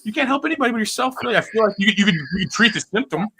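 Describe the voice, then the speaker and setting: Fast-talking, bright-voiced man rambling. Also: sits high, expressive, husky. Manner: rambling, profane, full of fillers. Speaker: podcast host. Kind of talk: casual chat.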